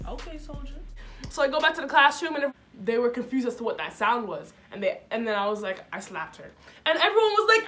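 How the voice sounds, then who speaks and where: A young woman vlogger telling a school story in a casual, animated way, laughing often and using slang. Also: sits high, brisk.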